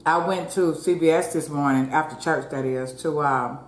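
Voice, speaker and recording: A woman hosts a mukbang, chatting folksily with viewers over her meal and murmuring "mm" between bites while she chews. Her low voice moves at normal speed, with a little hiss or hum, roomy echo and faint ambience in the recording.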